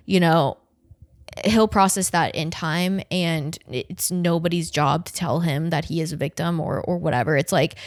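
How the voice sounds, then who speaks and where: Blunt, low-voiced woman podcaster, dry sound. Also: no room sound. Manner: blunt and emphatic, swears freely, many "like" fillers. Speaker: podcast co-host. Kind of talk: casual podcast chat, giving opinions.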